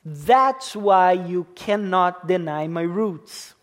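A man in his thirties preaching slowly and deliberately to his congregation, with a foreign accent from speaking English as a second language. He leans on key words, repeats them, and checks in with the listeners as he goes. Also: high-pitched, expressive. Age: 30s. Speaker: pastor. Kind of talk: sermon.

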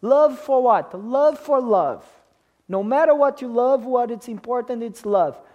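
A man's voice: very high voice, expressive, a little slow, darkish tone, lo-fi sound. A man preaching a sermon to a congregation in an emphatic way, often checking in with them by asking questions. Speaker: pastor.

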